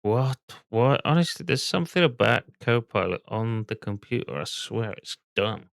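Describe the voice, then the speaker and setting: A man's voice: mid-range voice, animated, normal speed, creaky, no echo, studio quality. A man, casually reacting to a stock video and bluntly swearing at his computer.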